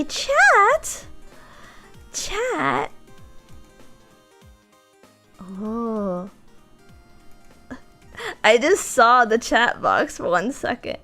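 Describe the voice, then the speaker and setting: A woman streamer in casual live-stream chat, slightly hoarse, giggling and chatting with her viewers. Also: a little high, sharp tone.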